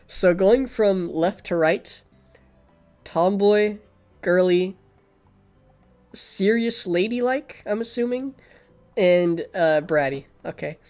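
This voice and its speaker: A man's voice: sits high, takes it slowly, long pauses, a little mellow, soft background music. A man streaming a game, reading it aloud and chatting casually, sleepy and yawning, swearing often. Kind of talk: game stream chat and narration.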